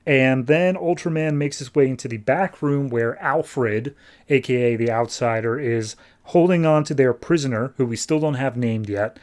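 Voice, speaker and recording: A man's voice: medium pitch, moderate pace, a little mellow. A man hosting a podcast, recapping a comic issue in a casual, chatty, wry way. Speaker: podcast host.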